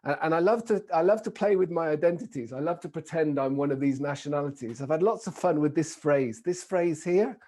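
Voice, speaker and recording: Brief: British man, middle-aged, keynote speaker on a video call, mellow and a bit high, playful and engaging. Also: a little fast, hardly any pauses. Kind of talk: online keynote talk. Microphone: video call microphone.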